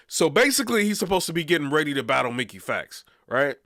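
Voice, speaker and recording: Guy vlogging casually, high bright voice, rambles with fillers, dry sound. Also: big pitch swings, fast, no room sound. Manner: rambling, with frequent "you know what I'm saying" fillers. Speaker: vlog host. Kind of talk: casual commentary vlog.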